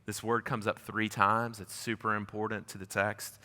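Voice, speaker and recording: A man preaching a sermon as pastor, telling a story in casual slang and swinging between loud bursts and hushed moments. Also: on the low side, flat delivery, normal speed, hardly any pauses. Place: large church auditorium. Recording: reverberant church hall.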